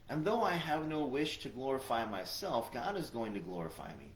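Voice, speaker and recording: A man's voice: mid-range voice, sing-song, normal speed, few pauses. A man teaching a Bible study lesson in a conversational way, often checking in with "right?". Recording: echoey room.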